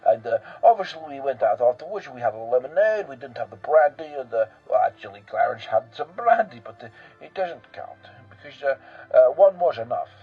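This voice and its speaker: A man's voice: mid-range voice, sing-song, a little fast, husky, narrow, tinny audio, soft background music. A man playing a rambling, boastful European man who pokes fun at himself, in a comic character monologue full of fillers and asides.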